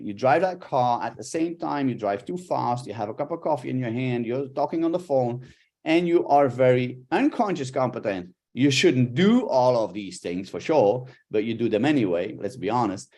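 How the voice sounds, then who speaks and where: Middle-aged guy teaching a workshop, super expressive, lots of tone in his voice, mid pitch. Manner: expressive, lively intonation, talks with hands. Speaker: body language coach. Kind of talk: live workshop talk.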